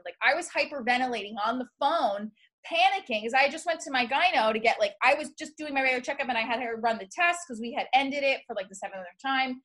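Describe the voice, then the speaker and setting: A woman hosting a podcast, telling a story in casual comedic chat and acting out what people said. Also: high-pitched. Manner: animated storytelling, acts out quotes. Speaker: podcast host.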